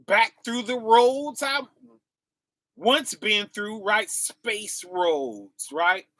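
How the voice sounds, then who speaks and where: A man giving an informal sermon in casual slang, leaning on "right?" and "y'all", chuckling to himself and swinging between quiet asides and loud bursts. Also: high voice, drawn-out words, dry recording. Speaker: preacher.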